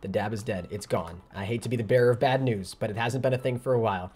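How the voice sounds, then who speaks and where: A man's voice: lowish voice, a little mellow, breathy edge. A young man chatting casually on his gaming live stream, reading out viewer messages. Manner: fast, chatty, reads viewer messages aloud.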